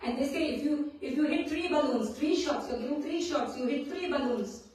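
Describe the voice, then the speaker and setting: A woman's voice: high voice, normal speed, a little mellow. A woman from India, giving a devotional scripture class and telling stories that often check in with the listeners. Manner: storytelling, often checks in with "right?". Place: temple hall. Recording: very echoey hall, mic at a distance.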